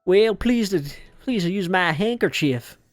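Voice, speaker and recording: A woman voicing a blustering older southern gentleman colonel in a put-on southern accent. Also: medium pitch, expressive, a little slow, dry recording, soft background music, pitched above the performer's own voice, natural voice. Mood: drawling.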